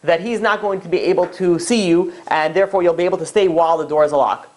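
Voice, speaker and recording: A man's voice: sits high, quick pace, lightly acted. A man voicing a revered old rabbi who gives firm, reassuring instructions. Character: revered old male rabbi, calm and commanding.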